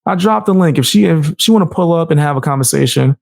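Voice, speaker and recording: A man's voice: fairly high pitch, animated, fast talker, creaky, a little mellow, no echo, clean studio sound. A man streaming live, reacting to a video with profane, mocking commentary. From United States.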